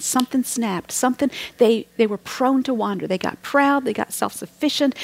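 A woman's voice: a little high, creaky, darkish tone, breathy edge. A middle-aged woman giving a devotional sermon as a Bible teacher, earnest and reflective, sometimes dropping to a near whisper.

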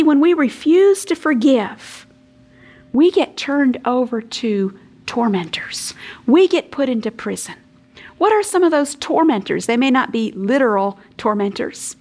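A woman's voice: on the high side, darkish tone. A woman giving an earnest, emphatic sermon-style Bible teaching, acting out the quoted lines with feeling.

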